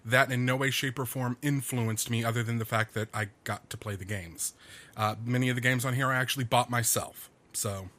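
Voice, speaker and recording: A man with a bright, forward voice co-hosts a relaxed podcast from a small home studio. He sounds upbeat and laughs easily between points. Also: mid-range voice, brisk. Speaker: podcast co-host. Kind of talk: casual chat.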